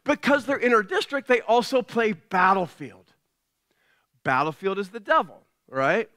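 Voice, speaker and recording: A man's voice: high-pitched, sing-song, measured pace, a bit bright, no echo, clean studio sound. A man preaching a sermon as pastor, telling stories with self-deprecating humor and chatty asides to the congregation. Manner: conversational, with frequent asides to the congregation.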